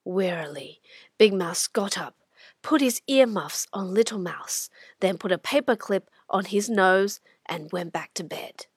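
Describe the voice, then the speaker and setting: A woman hosting and narrating a children's radio drama, animated and dropping to whispers for suspense. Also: medium pitch, measured pace, breathy edge, no room sound, clean studio sound. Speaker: narrator and host. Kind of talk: expressive children's story narration.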